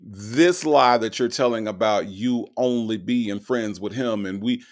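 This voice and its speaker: A man's voice: lowish voice, a little slow. A man hosting a show, mocking and emphatic as he reacts to recorded calls and reads viewer comments aloud.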